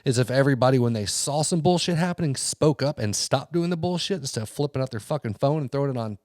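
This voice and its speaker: A man's voice: medium pitch, lively intonation, fast, a little mellow, no echo, studio quality. A man co-hosting a podcast, ranting heatedly and swearing constantly as he acts out what people said. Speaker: podcast co-host. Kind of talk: casual profane podcast rant.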